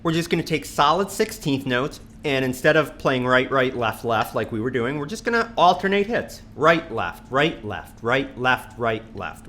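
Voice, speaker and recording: A man teaching a drum lesson, patiently counting sixteenth notes aloud and stressing slow, accurate practice. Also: a little hiss or hum. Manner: patient, repeats counts in a low steady voice. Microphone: studio mic on a stand near the kit.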